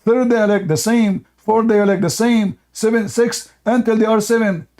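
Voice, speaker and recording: A high-voiced man hosts a heated online debate. He is mocking and combative and talks right over his opponent. He keeps pressing his point. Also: steady tone, normal speed, darkish tone. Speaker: debate host. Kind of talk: heated live-stream debate.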